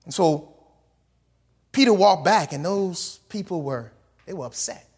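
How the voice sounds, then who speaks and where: This man's high voice carries a breathy edge as he delivers a lively sermon. The pastor reads scripture out loud, voices the quoted figures, and talks in a casual, everyday way.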